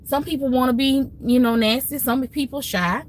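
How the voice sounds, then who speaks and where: A woman's voice: high-pitched, moderate pace, a little hiss or hum. A woman hosting a live stream, talking casually and earnestly to her viewers, telling family stories in a heartfelt, preachy way. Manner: heartfelt, preachy storytelling with Southern Black church phrasing.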